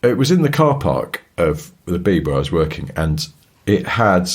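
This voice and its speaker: A man from England co-hosting a podcast, chatting casually and telling anecdotes with lively put-on voices. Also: low voice, normal speed, breathy edge. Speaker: podcast co-host. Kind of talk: casual chat.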